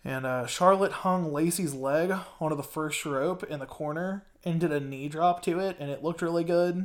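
A man's voice: fairly high pitch, moderate pace. Hesitant rambling man hosting a podcast. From US South. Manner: rambling, hesitant, many ums. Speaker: podcast host. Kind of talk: casual chat.

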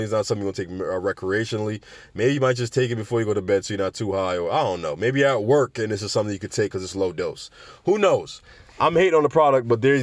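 A man giving casual, sarcastic commentary on cannabis news, animated and often acting out other people's voices. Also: lowish voice, dry recording.

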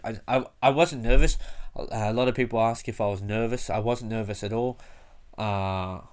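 A young comedian with a fairly low voice tells his story in a relaxed, rambling way. He swears freely and fills his pauses with "uh" and "um". He has the easy pace of a casual monologue. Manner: rambling, swears often, frequent fillers.

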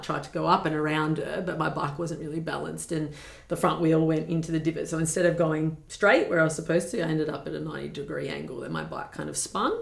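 Low, gravelly woman telling her story. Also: reverberant. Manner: earnest, reflective, with many fillers. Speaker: podcast guest. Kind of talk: personal storytelling.

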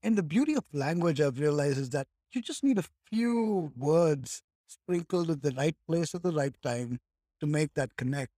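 A man's voice: fairly high pitch, lively intonation, moderate pace, dark tone, no room sound, studio quality. A man from India in casual conversation, thinking aloud and leaning on "like" and "right?" a lot.

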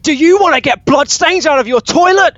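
A man's voice: very high-pitched, a little fast, a bit bright, no echo, muffled recording, voice pushed up. A screaming advert salesman. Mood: blaring hype. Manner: blaring hard-sell advert delivery. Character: shouting, overexcited male cleaning-product salesman hologram.

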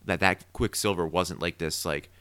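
A man co-hosting a podcast, casually recapping a TV episode with opinionated, animated theorizing. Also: low voice, normal speed, clean tone, dry recording. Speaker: podcast co-host.

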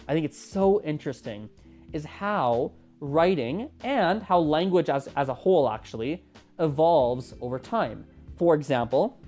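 A podcast host in their twenties, talking casually and with animation on a solo episode. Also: mid-range voice. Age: 20s. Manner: chatty and animated, with a lively rising delivery.

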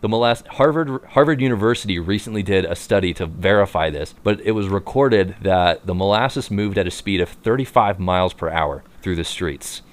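A man's voice: low-pitched, moderate pace, few pauses. A man in casual chat, telling a story with lots of fillers, restarts and bursts of laughter. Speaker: podcast co-host.

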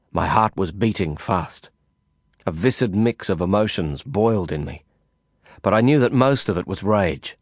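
A man narrating a first-person novel in a measured, reflective storytelling manner. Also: fairly low pitch, no room sound, clean studio sound. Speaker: audiobook narrator.

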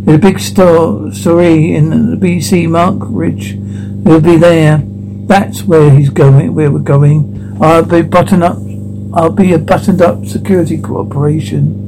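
A man's voice: fairly high pitch, level tone, unhurried, vocal fry, over music, poor audio. An actor playing a blunt, hardened man from a ruined future, speaking in short, clipped lines in a television drama. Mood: determined.

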